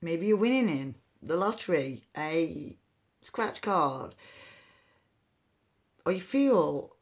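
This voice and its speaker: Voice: mid-range voice, sing-song, takes it slowly. A rune reader giving a meandering, free-associating reading with chatty asides. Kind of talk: slow intuitive card-style reading.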